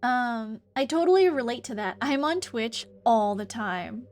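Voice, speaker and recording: A slightly high-voiced woman talks casually on a livestream, her American speech carrying a faint tinge of New Zealand. She rambles and stacks up fillers as she answers chat, with quiet music playing under her. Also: expressive, a little slow, few pauses. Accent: light New Zealand tinge on American speech. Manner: rambling, lots of "like" and "um". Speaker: streamer.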